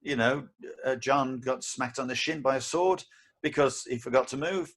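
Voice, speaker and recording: A forthright man in casual podcast chat, talking at an ordinary middle pitch. He speaks his mind bluntly and laughs easily between points. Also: moderate pace, a bit bright. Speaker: podcast co-host, martial arts guardian.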